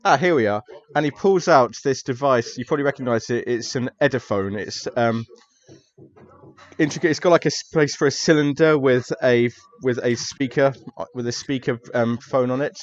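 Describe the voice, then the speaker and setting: A man narrating a tabletop horror game as game master in a relaxed, casual way. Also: mid-range voice, moderate pace. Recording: slightly dull lo-fi audio.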